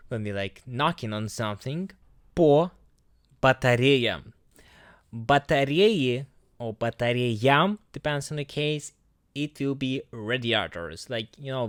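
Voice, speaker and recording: Slow-paced Russian-accented male teacher. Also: medium pitch, a bit bright, dry recording, clean studio sound. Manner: slow, deliberate reading of example words. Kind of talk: language lesson explaining a sign.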